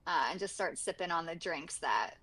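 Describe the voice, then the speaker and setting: A woman playing a tabletop game, describing her character's actions in an animated way. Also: deep voice, normal speed, slightly rough, soft background music, low-quality recording. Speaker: player.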